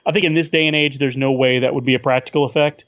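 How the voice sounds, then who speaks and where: A man's voice: mid-range voice, fairly even intonation, quick pace, fairly bright tone, no room sound. A man talking as a guest on a casual film podcast, thoughtful and a little hesitant, repeating words as he thinks.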